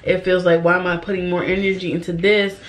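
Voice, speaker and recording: A young woman vlogging while doing her makeup, holding back tears and talking in a halting, repetitive way. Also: fairly low pitch, little pitch movement. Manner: halting, emotional, repeats herself, sighs. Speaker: beauty vlogger. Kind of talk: get-ready-with-me chat.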